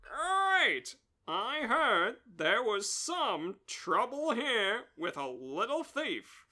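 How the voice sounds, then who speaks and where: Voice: mid-range voice, sing-song, extremely slow, bright, forceful tone, pitched above the performer's own voice, full character voice. A storyteller voicing a bumbling male cartoon inspector with a nasal voice. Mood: eager.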